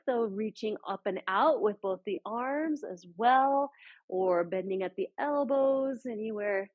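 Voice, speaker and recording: A woman leading a guided chair yoga class as an adaptive yoga instructor, giving gentle, encouraging cues with frequent fillers. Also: mid-range voice, highs cut off.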